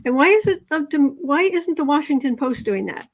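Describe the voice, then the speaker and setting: A woman with a somewhat high voice runs a live political tarot reading and talks casually with her viewers. She reads their comments aloud, fills gaps with ums and restarts, and hammers points home by saying the same word again and again. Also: expressive, moderate pace. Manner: emphatic repetition. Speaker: tarot livestream host.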